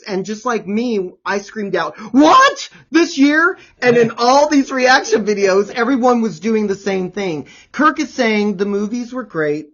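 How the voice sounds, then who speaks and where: A man's voice: high-pitched, a bit bright, lo-fi sound. Gushing enthusiastic male host. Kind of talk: casual chat.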